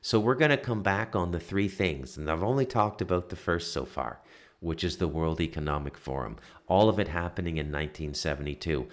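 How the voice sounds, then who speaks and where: A man in his forties with a low-pitched voice that swings wildly as he rants. He hosts his own commentary, dropping into swearing and sudden loud bursts, and keeps driving points home with a pointed "okay?". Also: lively intonation, a little fast. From Canada. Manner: heated, profane ranting with sudden loud outbursts. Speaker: political commentary host. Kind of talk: ranting solo monologue.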